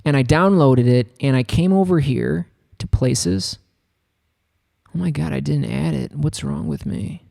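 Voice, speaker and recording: A man's voice: on the high side, a little slow, creaky, warm tone. An American man chatting casually on a livestream, rambling and upbeat as he works through a music production tutorial. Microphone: studio microphone.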